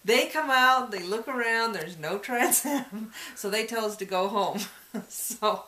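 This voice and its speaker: A woman's voice: on the high side, measured pace, pushed and bright. A woman telling a personal story in a folklore interview, chuckling often as she goes. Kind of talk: casual personal anecdote. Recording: echoey room.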